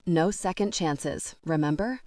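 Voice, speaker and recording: A woman reading a dying old crime boss, his voice a thin rasp with little breath behind it. He is gruff and teasing, dealing out tough love, in a low, dry audiobook voice. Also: unhurried, a little mellow, dry recording, lightly acted. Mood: gruff, weak. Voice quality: rasping. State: weak, short of breath.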